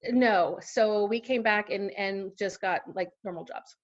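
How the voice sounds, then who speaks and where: A woman's voice: mid-range voice, a little slow, lo-fi sound. A woman in her forties, a podcast guest, telling a personal story in casual interview chat with lots of fillers and laughter. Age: 40s.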